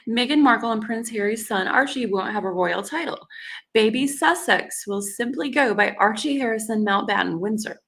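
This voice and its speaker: A woman in her forties with a drawl hosts casual commentary, reading news quotes aloud and reacting to them. Her voice sits a little high, and her delivery is sarcastic and chatty, with frequent laughs. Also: normal speed, a bit bright. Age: 40s. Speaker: commentary channel host.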